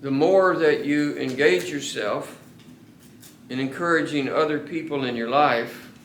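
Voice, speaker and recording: A man preaching a sermon to his congregation, earnest and slowing down to stress key words. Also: on the high side, a little hiss or hum. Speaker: pastor. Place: church sanctuary. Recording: echoey church room.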